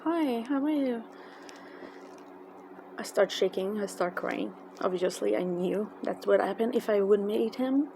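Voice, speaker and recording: A woman with a tells an emotional personal story in a halting, casual way, with many fillers and restarts. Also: medium pitch, steady tone, creaky. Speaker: fan telling a personal story. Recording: noisy background.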